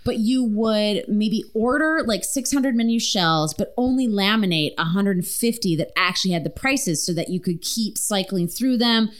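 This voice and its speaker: A woman's voice: mid-range voice, normal speed, hardly any pauses. A woman hosting a podcast in casual chat, talkative and swearing freely with lots of fillers. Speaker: podcast host.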